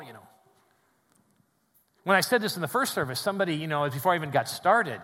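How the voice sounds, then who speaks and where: A male pastor delivers a sermon in a church sanctuary, his fairly high voice trailing off into a long reverb. He rises to loud emphasis on key phrases, then drops to a quiet, low delivery. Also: very animated, quick pace, pauses often. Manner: dynamic preaching, swings between loud emphasis and quiet drops.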